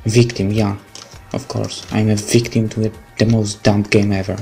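A man's voice: on the low side, flat delivery, moderate pace, gravelly. A man with a Polish accent, a gaming video creator who swears a lot and vents in sarcastic, angry outbursts during commentary. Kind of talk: frustrated gameplay commentary. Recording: faint game music behind.

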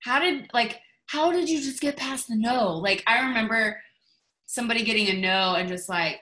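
A woman's voice: medium pitch, lively intonation, brisk, sharp tone. A woman giving a motivational talk to her team over a video call, in a chatty, gushing way. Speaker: team leader.

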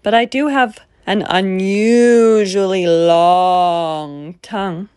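A woman's voice: mid-range voice, fairly even intonation, takes it slowly, a little mellow, smooth, no room sound, studio quality, natural voice. A woman voicing a big, goofy male monster who slurps and slobbers and turns whiny. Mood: slobbering.

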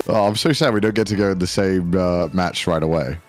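A man with a British accent chatting casually on a stream, giggly and self-deprecating, full of quick asides. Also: low voice, animated, faint music behind. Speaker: streamer guest. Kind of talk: casual gaming stream chat.

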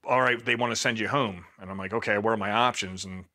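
A middle-aged man from Pennsylvania tells his war stories in a relaxed, deadpan interview style, quoting his own lines flatly. His voice sits a little low, but its tone is bright and forceful. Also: fast. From Pennsylvania, USA. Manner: laid-back, deadpan, quotes himself flatly. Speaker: Marine veteran. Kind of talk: casual storytelling interview.

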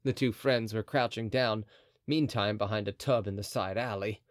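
A man's voice: on the low side, normal speed, dry recording, clean studio sound. A man narrating a classic adventure novel as an audiobook, telling the story expressively. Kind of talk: scripted narration.

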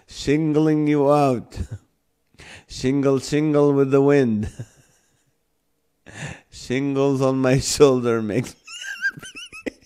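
A man's voice: mid-range voice, a little mellow. A male live-stream host reading out joke comments, laughing helplessly between lines. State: laughing to tears.

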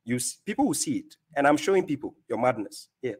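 A man's voice: mid-range voice, sing-song, fast, darkish tone, husky. A man from Ghana hosting a mocking rebuttal, taunting and laughing at the speaker in the clip he plays. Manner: scornful, taunting, laughs at his opponent. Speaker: host reacting to a clip.

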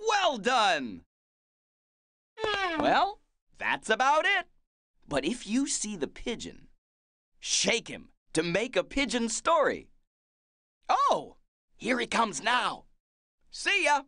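Friendly cartoon bus driver, slow, super swoopy, dry close sound, asks stuff n praises. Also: female voice, fairly high pitch, wildly swooping pitch, bright, forceful tone, no echo, exaggerated voice. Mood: encouraging. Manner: coaxing, asks questions and praises. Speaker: game guide prompting the player. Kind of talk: children's game prompts.

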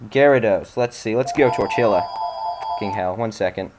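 A man's voice: on the low side, unhurried, pauses often, darkish tone. A man hosting a let's-play, giving casual gameplay commentary while exasperated, muttering and swearing at the game.

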